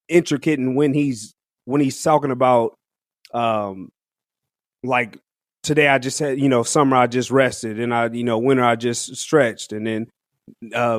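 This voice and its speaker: A man's voice: mid-range voice, fairly even intonation, unhurried, no room sound, studio quality. A man co-hosting a podcast, chatting casually about new music in slangy talk, breaking into laughter often and restarting his sentences. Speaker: podcast co-host. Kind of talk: casual music review chat.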